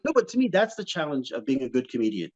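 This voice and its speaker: Brief: male comedian from Montreal, lively anecdote-teller with an average voice, slightly muffled recording. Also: medium pitch, fast, a crowd in the background. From Montreal, Canada. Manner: animated storyteller, slips into funny voices and accents. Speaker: comedian guest. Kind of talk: casual podcast chat with impressions.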